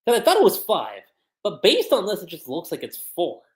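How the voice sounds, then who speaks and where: A low-pitched woman talks through an anime episode on a livestream, her voice swinging up and down with energy. She keeps it casual and slangy and drops "like" all the time. The sound is roomy and echoey. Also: brisk. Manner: animated, casual slangy recap with many "like"s. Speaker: anime reviewer. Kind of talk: livestream episode recap and review. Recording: roomy echo.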